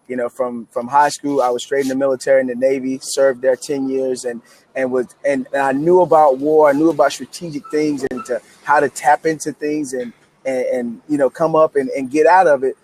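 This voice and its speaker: A man in his thirties from Memphis, a guest author telling his story in an interview with eager energy and many restarts. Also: medium pitch. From Memphis, United States. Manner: energetic, repetitive restarts, emphatic.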